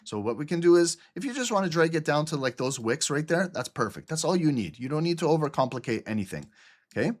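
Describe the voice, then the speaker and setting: A man from Albania teaching a live trading lesson over a screen share, animated and talkative, repeating "okay?" and "look" and swearing now and then. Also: on the high side, fast. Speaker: trading instructor.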